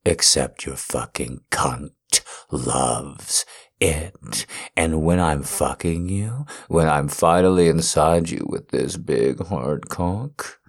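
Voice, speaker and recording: A man's voice: rumbling low, slow, husky. A man performing a domineering erotic audio role-play monologue, taunting and commanding the listener.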